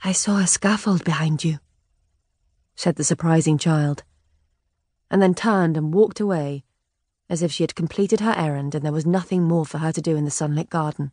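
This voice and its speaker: A woman narrating a historical novel in a measured, even way. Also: sits low, dry recording, clean studio sound. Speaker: audiobook narrator. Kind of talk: scripted narration.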